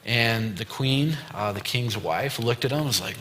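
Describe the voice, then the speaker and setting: A man's voice: mid-range voice, normal speed, a bit bright, a little hiss or hum. A young man giving a casual youth sermon, retelling a story with loose quoted dialogue and lots of fillers. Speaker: youth pastor. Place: church youth room. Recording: long hall reverb.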